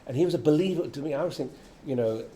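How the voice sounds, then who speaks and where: An older actor chatting as an interview guest, a lively storyteller who acts out quotes. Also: male voice, on the high side, racing, slight background noise. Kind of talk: casual interview chat. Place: venue with background chatter.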